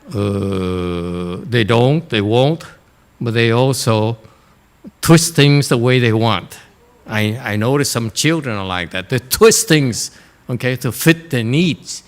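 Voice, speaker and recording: A man teaching Chan meditation to students in a Dharma lecture, blunt and direct, often pausing to check in. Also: mid-range voice. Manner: blunt, frequently checks in with "Okay?".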